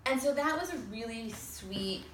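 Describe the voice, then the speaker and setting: On a talk show, a woman tells a lively personal story to a small audience, imitating other people's voices and cursing casually. Her voice is on the high side at a moderate pace, and the sound is roomy and distant with faint noise.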